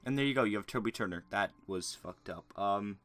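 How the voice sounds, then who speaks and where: A man's voice: lowish voice, brisk, fairly bright tone, faint music behind. A man giving sarcastic, crude reaction commentary with mocking, rambling asides. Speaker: YouTube commentator.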